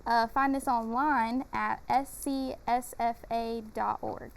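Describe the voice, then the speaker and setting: Southern woman guest, high bright-pitched voice, polite. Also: steady tone, slow, creaky, clear, resonant tone. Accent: Southern American. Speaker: guest from a food association. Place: TV studio set.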